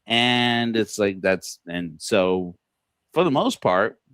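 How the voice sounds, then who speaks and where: A man's voice: lowish voice, animated, slow, a bit bright, smooth, dry recording. A man hosting a casual livestream, rambling with many fillers and restarts and laughing at his own jokes. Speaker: podcast host.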